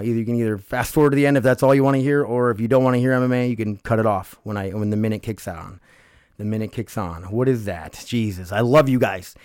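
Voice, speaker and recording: A man's voice: mid-range voice, darkish tone, clean tone. A man hosting his own podcast in a loose, rambling way, full of fillers, swearing and self-deprecation, while dealing with nerve pain. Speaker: podcast host. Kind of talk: casual solo podcast talk.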